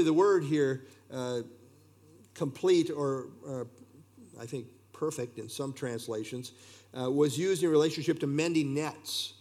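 A man teaching a verse-by-verse Bible study, unhurried, with plain explanations and frequent "uh" fillers. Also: on the high side.

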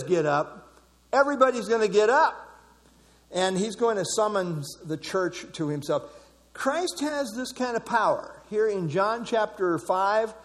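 A man's voice: on the high side, in a large hall. A man leading a Bible study class, explaining scripture verse by verse with emphasis.

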